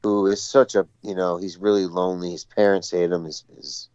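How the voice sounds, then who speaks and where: A man with a low voice calls in over a dull, lo-fi phone line that sounds close and dry. He is a schoolteacher chatting casually, rambling through his stories and poking fun at himself. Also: level tone, fairly quick, darkish tone, smooth, dry recording. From Boston area. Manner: rambling, self-mocking, laughing at his own stories. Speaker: schoolteacher, call-in guest. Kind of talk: casual chat. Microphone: phone call.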